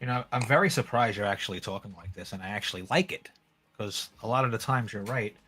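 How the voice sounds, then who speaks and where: A man co-hosting a sports podcast, chatting casually and excitably about football with slang like "yo" and "bro". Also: lowish voice, fast, breathy edge.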